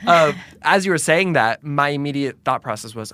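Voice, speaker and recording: A man's voice: on the high side, expressive, normal speed, bright, forceful tone, dry recording. A young man hosts an interview in a dry, close-sounding room. He speaks reflectively and gropes for words as he thinks aloud. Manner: reflective, searching for words, agreeable. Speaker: interview host. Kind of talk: conversational interview.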